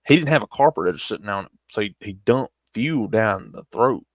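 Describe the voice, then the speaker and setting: A man's voice: fairly low pitch, lively intonation, fairly quick, dry recording, studio quality. A man with a Southern US accent telling a long casual story on a stream, rambling with restarts.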